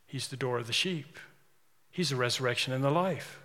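A man's voice: mid-range voice, normal speed, sharp tone. A man preaching a sermon, emphatic and repetitive, building intensity as he drives points home. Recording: long hall reverb.

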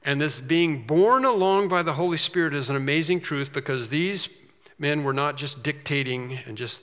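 A man preaching a sermon, slow and emphatic with quicker asides. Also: medium pitch, sharp tone, big-room sound.

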